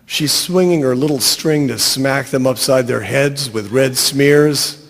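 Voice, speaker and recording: A middle-aged man reads a short story aloud in a dry, even manner. His voice sits at an ordinary middle pitch. A long reverb from a large hall hangs behind his words. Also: measured pace. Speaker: author reading his story.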